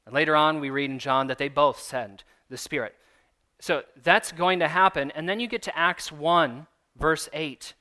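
A man delivers a sermon in a chatty, explanatory way, leaning hard on his key points. His voice sits a little high and sounds bright and forward. He talks to the congregation as if in conversation. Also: normal speed. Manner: conversational, emphatic teaching with asides. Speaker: pastor.

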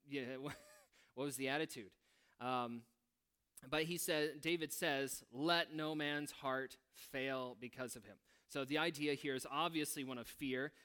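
A man leading a prayer and then teaching a Bible passage in a relaxed, conversational way, musing aloud with wry asides. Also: medium pitch, a little slow, clear, resonant tone.

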